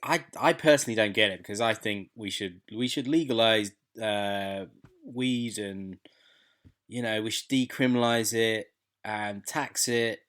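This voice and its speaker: A man co-hosting a casual podcast, talking in an animated, opinionated way and swearing casually. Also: on the low side, a little slow. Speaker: podcast co-host. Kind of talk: casual chat.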